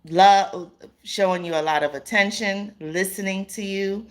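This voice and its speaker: A woman's voice: medium pitch, measured pace. A woman hosting a live stream in a casual, earnest way, repeating points for emphasis and greeting chat viewers by name.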